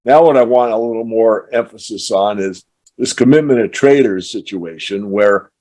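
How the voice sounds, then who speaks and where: A man hosting a casual podcast conversation, explaining his points in long, measured run-on thoughts. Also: lowish voice, darkish tone. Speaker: show host.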